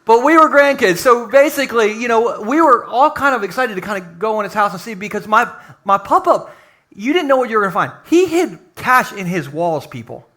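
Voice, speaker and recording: Man, pastor, live church sermon, high voice, bright forceful tone, playful storytelling. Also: a little fast. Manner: lively, joking preaching with acted-out quotes. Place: church sanctuary, live service.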